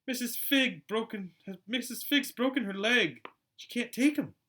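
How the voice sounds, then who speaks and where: A man voicing a flustered, cross middle-aged aunt in an audiobook reading, speaking in a high, anxious, fussy way. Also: lively intonation, normal speed, bright, forceful tone, exaggerated voice. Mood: worried, annoyed. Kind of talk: audiobook character voice.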